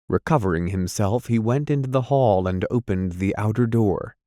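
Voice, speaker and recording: Low-voiced man reading an audiobook. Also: mellow, dry recording, studio quality. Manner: measured, deliberate reading. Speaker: audiobook narrator. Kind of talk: scripted narration.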